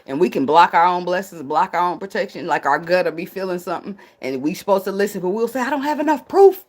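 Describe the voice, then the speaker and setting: A woman's voice: on the low side, fast talker. A woman giving a casual tarot reading, blunt and profane, laughing often and drifting into tangents. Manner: rambling, talks herself into tangents. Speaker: tarot reader.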